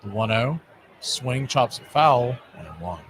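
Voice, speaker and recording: A man hosting a fan stream, calling baseball play-by-play in a radio style and shouting big plays with playful catchphrases. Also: medium pitch, expressive, slow, a little hiss or hum. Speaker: play-by-play announcer.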